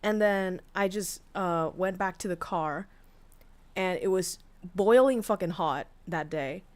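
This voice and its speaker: A woman's voice: lowish voice, a little slow. A woman streamer telling a story in casual chat, candid and profane, with many fillers and restarts. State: tearful, voice breaking. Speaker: VTuber streamer.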